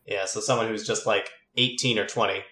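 A man's voice: on the low side, steady tone, brisk, pushed and bright. A man running a tabletop game as game master, talking casually with lots of fillers. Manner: casual, filler-heavy, laughs easily. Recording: roomy echo.

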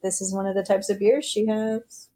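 Woman, tabletop player, relaxed, joking. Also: mid-range voice, normal speed. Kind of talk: casual tabletop play.

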